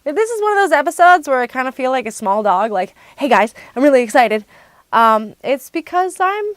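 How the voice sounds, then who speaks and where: A woman hosting a craft podcast in casual chat, bubbly and excitable. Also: sits high, brisk, no echo. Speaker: podcast host.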